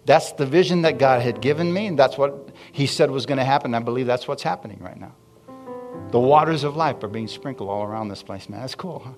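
Animated pastor, a man telling stories. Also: medium pitch, fairly quick, faint music behind. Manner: animated, calls out to the congregation. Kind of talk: sermon storytelling.

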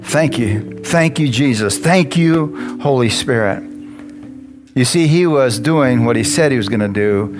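In a church, a man with a medium-pitched voice and measured pace preaches a sermon built on his own testimony, animatedly calling out questions to the congregation. Guitar music plays behind him.

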